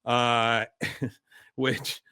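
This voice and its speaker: A man's voice: medium pitch, flat delivery, drawn-out words, bright, forceful tone, clear, resonant tone, no echo, clean studio sound. A man co-hosting a podcast, casually recapping an episode and acting out the characters' lines in raised voices. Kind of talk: casual chat, retelling scenes.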